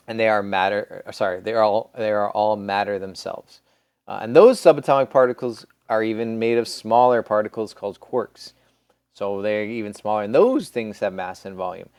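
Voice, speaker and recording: Low, crisp-voiced man teaching a lesson. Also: darkish tone, no echo. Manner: casual, rambling, many restarts and fillers. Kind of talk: recorded classroom lecture.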